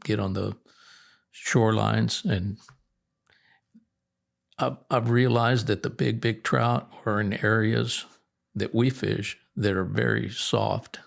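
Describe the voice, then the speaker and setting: Gravelly middle-aged man telling stories. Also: fairly low pitch, slow, long pauses. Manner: relaxed, rambling with restarts. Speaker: guest angler. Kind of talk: casual storytelling.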